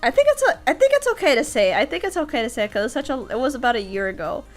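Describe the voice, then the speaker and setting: High-voiced woman chatting on stream. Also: fast talker, soft background music. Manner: animated, laughs often, restarts sentences. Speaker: voice actor and streamer. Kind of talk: casual livestream chat.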